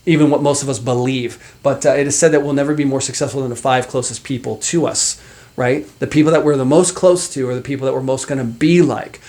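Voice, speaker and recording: A man's voice: medium pitch, darkish tone. A middle-aged man, a life coach, talking animatedly and casually to the camera with many fillers and asides. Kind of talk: motivational talk to camera.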